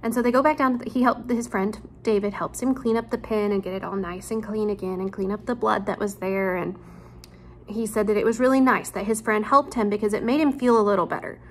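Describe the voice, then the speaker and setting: A woman's voice: mid-range voice, fairly even intonation, a little fast, slight background noise. A woman teacher at home, chatting casually with her students and retelling a story in an informal way, with frequent ums and asides. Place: at home, near a laundry room.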